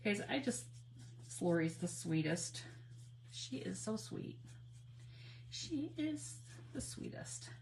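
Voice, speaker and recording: A woman's voice: mid-range voice, very animated, slow pace, vocal fry, long pauses, slight background noise, poor audio. A woman hosting a live crafting stream, chatting in a rambling way, greeting viewers by name and laughing often. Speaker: crafting livestream host. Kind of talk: casual chat while crafting live.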